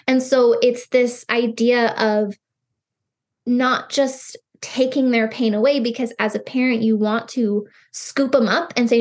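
A woman in her thirties, a podcast guest and grief counselor, talking in an earnest, expressive way with lots of "like" fillers. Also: on the high side, unhurried. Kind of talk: casual conversation.

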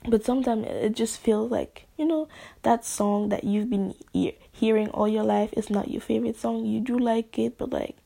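Woman vlogger just rambling, slangy, kinda high, lots of vocal fry, half whispers sometimes. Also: steady tone, normal speed, mellow. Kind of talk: spontaneous casual monologue.

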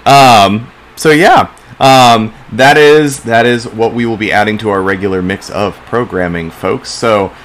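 A man co-hosting a podcast, wrapping up the show in a relaxed, easygoing way with plenty of hesitations. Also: fairly low pitch, unhurried, hardly any pauses. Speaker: podcast co-host. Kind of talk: casual chat and show wrap-up.

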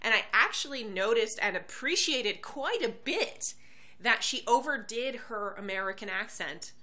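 Woman podcast co-host, chatty and crisp-toned, casual swearer. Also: a little high, animated, measured pace, sharp tone. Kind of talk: casual chat.

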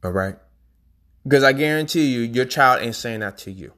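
A man's voice: mid-range voice, lively intonation, moderate pace, fairly bright tone. A man hosting a podcast, talking in a casual, rambling, emphatic monologue. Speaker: podcast host.

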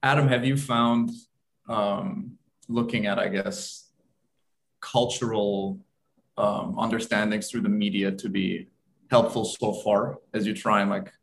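A man's voice: on the low side, steady tone, a little slow, gravelly, low-quality recording. A man in a casual group chat, asking thoughtful questions.

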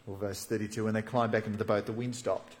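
A man preaching a sermon, animated and acting out the voices of the people in the passage he reads. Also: on the low side, fast talker. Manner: animated, acts out quoted voices.

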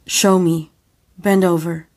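A woman's voice: lowish voice, little pitch movement, takes it slowly, a little mellow. A woman voicing a dominant young man who speaks in curt commands. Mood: commanding.

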